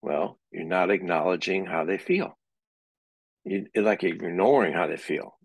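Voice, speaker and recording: A man's voice: low voice, unhurried, vocal fry, slightly rough, no room sound. A middle-aged man teaching a psychology class in a conversational way, sometimes acting out example dialogue. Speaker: psychology lecturer. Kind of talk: classroom lecture.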